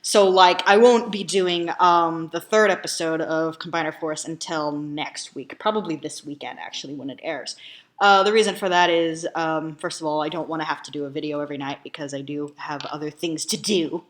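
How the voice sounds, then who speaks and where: A woman's voice: low voice, fairly even intonation, moderate pace. A woman hosting a reaction video in casual chat, rambling with lots of ums and likes.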